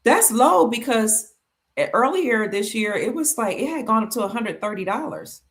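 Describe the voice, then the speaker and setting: A woman's voice: fairly high pitch, animated, normal speed, fairly bright tone. A woman hosting a podcast interview, asking questions and giving many brief affirmations. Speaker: podcast host.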